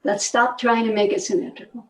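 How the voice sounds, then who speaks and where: An older woman telling stories in a relaxed conversation, animated and laughing often, often trailing off mid-sentence. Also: fairly high pitch, brisk, far from the mic, rough recording. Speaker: guest, movement teacher. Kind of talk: conversational storytelling.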